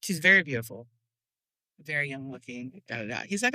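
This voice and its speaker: A woman hosts a relaxed podcast chat with a bright, forward voice. She tells stories in a lively way, laughs often and swears casually. The sound is close and dry, with no room around her. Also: deep voice, fairly quick, dry recording. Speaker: podcast host. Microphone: desk microphone.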